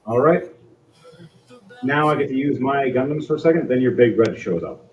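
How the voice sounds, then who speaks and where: A man's voice: medium pitch, lively intonation, moderate pace, muffled recording. A man running a tabletop game as game master, narrating casually with frequent fillers.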